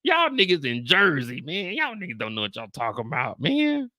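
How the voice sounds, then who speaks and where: Animated, exasperated man streaming to chat. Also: a little high, normal speed, no echo, clean studio sound. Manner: animated, exasperated, swears freely, talks to chat. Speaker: show reaction streamer. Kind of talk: casual livestream chat with viewers.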